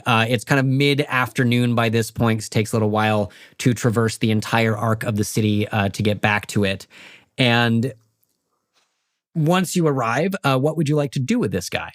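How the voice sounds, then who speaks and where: A man narrating as game master of a tabletop game, relaxed and rambling, often laughing. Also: medium pitch, moderate pace, dry recording, clean studio sound.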